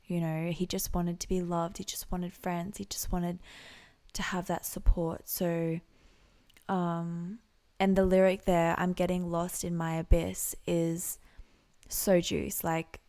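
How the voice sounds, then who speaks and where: Woman reaction vlogger, gravelly low voice, reflective casual commentary, occasional hushed asides. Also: little pitch movement, slow pace. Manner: reflective, soft-spoken, drifting into whispered asides. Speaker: music reaction vlogger and singer.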